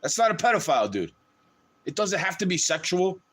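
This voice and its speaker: A man with a high voice holds forth on a livestream in a heated, swearing rant. His pitch climbs and plunges widely as he talks, so the delivery sounds restless and agitated throughout. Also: very animated, fairly quick, a bit bright, husky. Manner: heated, profane, ranting.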